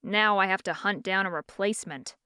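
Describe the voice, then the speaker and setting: A woman narrator voicing a condescending, stern young man who hunts demons, speaking low and curt in an audiobook. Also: brisk, pushed and bright, clean tone, no room sound, studio quality, natural voice. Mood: scornful. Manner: curt, scornful.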